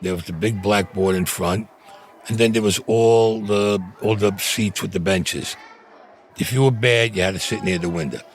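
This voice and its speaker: A man's voice: fairly low pitch, normal speed. A man, recounting a childhood memory with emphatic repetition. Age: 70s. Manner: emphatic, repeats key phrases. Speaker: interviewee.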